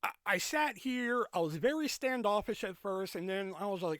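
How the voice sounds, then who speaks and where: A podcast host telling a story in a rambling, profane, animated way, in a casual storytelling rant. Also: male voice, high voice, moderate pace, no echo. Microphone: podcast mic with pop filter.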